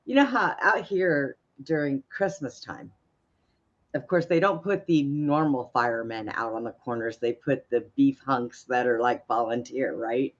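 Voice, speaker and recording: A woman's voice: a bass voice, a little slow, dull audio. A woman hosting a casual chat show, telling playful, jokey stories. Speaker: host.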